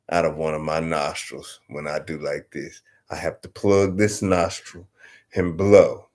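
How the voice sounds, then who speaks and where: A man from Arkansas with a Southern US accent, telling a comic story in a loose, profane, rambling way. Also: very deep voice. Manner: loose, profane, rambling, constantly asks "you know what I'm saying". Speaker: storyteller host.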